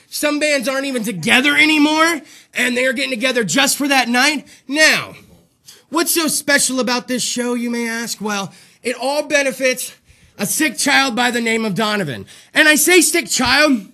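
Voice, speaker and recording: A man hosting a comedic live-stream talk show, loud, crude and rambling, a little out of breath. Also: very high-pitched. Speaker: podcast host.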